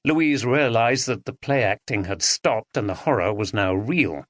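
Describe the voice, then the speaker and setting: A man narrating an audiobook thriller, expressive and dramatic, on a close studio mic. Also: mid-range voice, unhurried, no echo. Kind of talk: scripted narration.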